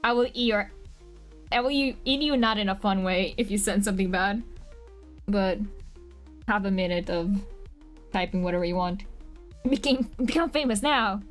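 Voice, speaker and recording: A woman's voice: mid-range voice, normal speed, long pauses, soft background music. Chatty, giggly young woman streaming. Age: young adult. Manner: rambling, giggly, slangy, frequent restarts. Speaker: livestreamer. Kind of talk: casual live-stream chat. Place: home bedroom.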